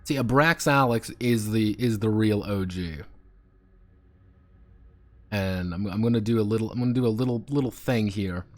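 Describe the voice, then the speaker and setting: A man's voice: on the low side, moderate pace, pauses often. A man streaming a video game, commenting sarcastically and swearing as he rambles through the playthrough. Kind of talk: live gameplay commentary.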